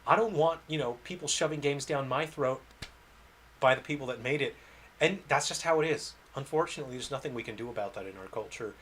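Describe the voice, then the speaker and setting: A man's voice: mid-range voice, a little fast, fairly bright tone, slight background noise. A man, an indie game developer, chatting casually on a livestream, rambling and self-deprecating and often laughing.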